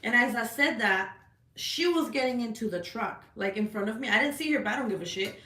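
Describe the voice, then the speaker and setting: A woman's voice: fairly high pitch, a little fast, slight background noise. Swearing woman vlogger in an echoey room. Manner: animated, heavy swearing, lots of "like" and "right?". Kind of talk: casual storytelling rant. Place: at home.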